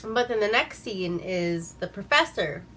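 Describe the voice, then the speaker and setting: A woman rambles through a casual movie recap, swearing freely and laughing at her own asides. Her voice is bright and crisp, and she talks at an unhurried pace. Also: medium pitch, lively intonation, slight background noise. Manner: profane, rambling, laughs at herself. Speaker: movie reviewer.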